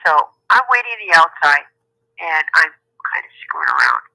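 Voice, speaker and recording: Woman calling in, bright voice, talks over a phone line, does all the voices in her story. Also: deep voice, moderate pace, no echo. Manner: animated, laughing, acts out quotes in many voices. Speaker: caller. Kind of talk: casual storytelling on a call-in show.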